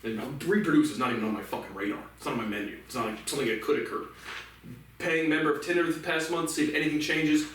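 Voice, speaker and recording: A man's voice: a little high, a bit bright, a little hiss or hum. A man ranting alone into the camera in a profane, angry, scornful monologue. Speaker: solo vlogger. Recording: very echoey room, mic far off.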